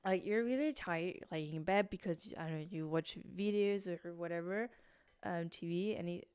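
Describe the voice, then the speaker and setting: A sleepy young woman rambles through a late-night livestream in British-tinged English, stopping and restarting her sentences. Her voice is smooth and clear. The sound is dry and close, with no room echo. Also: lowish voice, moderate pace, a little mellow. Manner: rambling, restarts, many fillers. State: sleepy, tired. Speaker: streamer.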